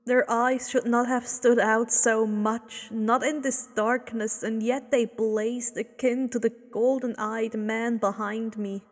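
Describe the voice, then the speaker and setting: A woman reading a fanfiction story aloud in a slow, measured storytelling manner. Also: on the high side, level tone, big-room sound. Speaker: fanfiction reader.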